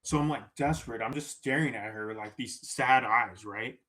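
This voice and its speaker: A man as a podcast guest, telling a story in a casual, animated way, acting out quoted lines and often tagging "right?". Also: medium pitch, moderate pace.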